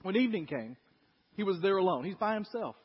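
Sitting high in pitch and speaking fairly quickly, this man's voice has a breathy edge. As a pastor he tells the sermon as animated storytelling, voicing the people in it, and the church recording sounds echoey, dull and lo-fi.

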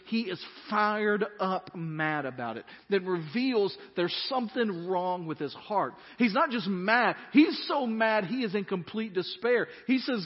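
A man's voice: sits high, husky. A male pastor preaching a sermon in a church hall, dramatically acting out complaints and asking the room questions. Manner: animated, voicing Jonah's complaints dramatically. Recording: dull lo-fi sound with long hall reverb.

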